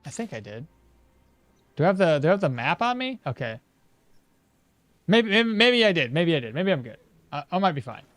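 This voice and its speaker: A man's voice: a little high, big pitch swings, fairly quick, pauses often, fairly bright tone, dry recording, soft background music. A young man streaming a game, chatting casually and answering viewers' questions as he plays. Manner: chatty, answering chat questions while playing. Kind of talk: casual live-stream commentary.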